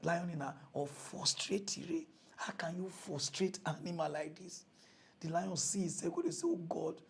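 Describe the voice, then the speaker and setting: Nigerian pidgin guy doing a mock news rant, mocking, kinda high voice. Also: measured pace, gravelly, husky. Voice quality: animated, mocking, exclaiming. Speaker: comic mock-news presenter.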